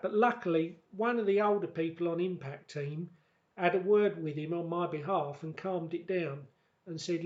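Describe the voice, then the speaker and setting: A man vlogging a casual, reminiscing monologue who talks haltingly and often repeats words and restarts. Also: sits high, muffled recording.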